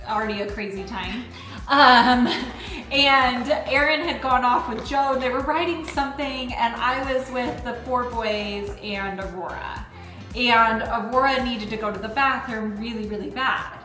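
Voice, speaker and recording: A woman in her thirties, a mother and channel host, chatting casually while eating and telling stories with lots of "like"s and restarts. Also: on the high side. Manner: chatty, many likes and restarts, animated storytelling. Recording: echoey room with music behind.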